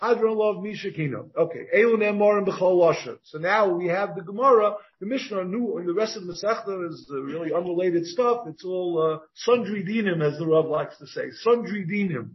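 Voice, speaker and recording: A man's voice: high-pitched, a little fast, few pauses. A rabbi teaching a Talmud class, thinking aloud and posing rhetorical questions as he works through the text. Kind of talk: Talmud lecture. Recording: dull lo-fi recording.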